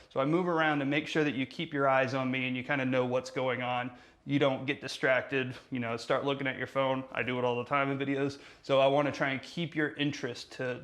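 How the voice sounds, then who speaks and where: A man hosting a casual how-to tutorial on a lav mic, talking with energy and plenty of inflection. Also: mid-range voice. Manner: energetic, talks with his hands, lively inflection. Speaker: marketing tutorial host. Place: room with hard surfaces.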